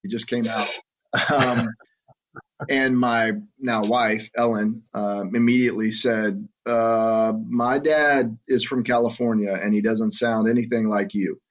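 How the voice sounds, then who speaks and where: Earnest Southern man, slightly low voice. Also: fairly even intonation. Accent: Southern American. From Southern United States. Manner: earnest, halting, with many restarts and fillers. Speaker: podcast guest, father. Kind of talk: conversational storytelling. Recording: muffled lo-fi audio.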